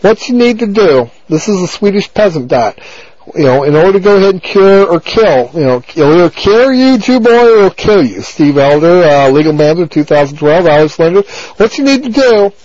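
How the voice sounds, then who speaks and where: A man's voice: sits high, sing-song, brisk, darkish tone, dry recording. Man rambling crudely on lo-fi talk radio. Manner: rambling, repetitive filler phrases, crude and abrasive. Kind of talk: rambling on-air monologue. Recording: dull lo-fi radio broadcast.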